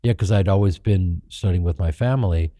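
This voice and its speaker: Low, dark-voiced man telling stories. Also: a little fast, dry recording, studio quality. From Chicago, United States. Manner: animated, profane, acts out quoted people in raised voices. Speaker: guest actor and comedian. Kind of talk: candid interview storytelling.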